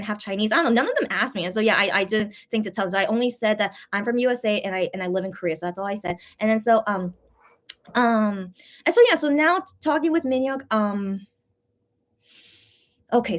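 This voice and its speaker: Bubbly fast-chatting woman from the states, lots of restarts, voice a bit high. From USA. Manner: rambling, restarts, excited high-pitched quoted exclamations. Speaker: vlogger recounting a fan meeting. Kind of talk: casual storytelling to viewers.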